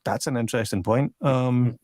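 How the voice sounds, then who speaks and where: A man's voice: medium pitch, normal speed, a little mellow, dry recording, clean studio sound. A man with a Glaswegian accent, chatting casually as a podcast host, rambling with lots of fillers. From Scotland. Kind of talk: casual chat.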